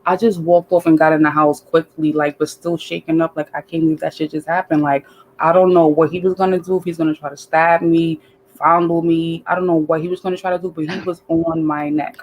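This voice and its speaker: Animated woman telling a story. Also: sits low, fairly quick. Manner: animated, profane, acts out voices. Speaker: guest. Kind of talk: casual storytelling.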